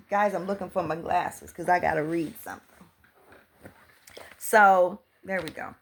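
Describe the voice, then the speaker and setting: Woman, slightly low voice, casual spiritual talk, colloquial and animated, often drops to a whisper. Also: unhurried, pauses often. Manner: animated and chatty, often laughing and dropping to a whisper; colloquial, repeats "for real" and "come on". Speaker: spiritual author and life coach.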